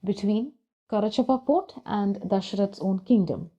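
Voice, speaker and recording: Mellow-voiced woman telling a story casually. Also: mid-range voice, moderate pace, breathy edge, highs cut off. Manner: conversational, with fillers and restarts. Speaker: book channel storyteller.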